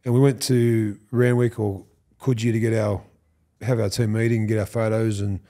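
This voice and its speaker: The voice is fairly low and moves at normal speed, belonging to an Australian man in his fifties, formerly a rugby league footballer. As a podcast guest in casual chat, he tells stories with gusto, playing out quoted people while swearing and laughing.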